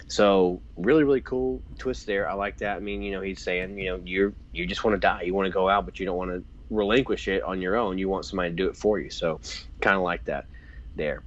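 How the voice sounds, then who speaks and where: Deep-voiced man, casual podcast recap. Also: brisk. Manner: animated retelling, acts out quotes. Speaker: podcast co-host. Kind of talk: casual chat recapping wrestling. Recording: dull lo-fi recording.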